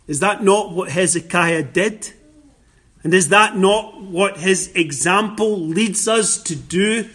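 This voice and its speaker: A male preacher with a high voice delivers a sermon at an unhurried pace. He reads scripture aloud and presses his points home by repeating them with emphasis. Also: fairly bright tone, breathy edge. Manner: emphatic, repeats key phrases, quotes scripture.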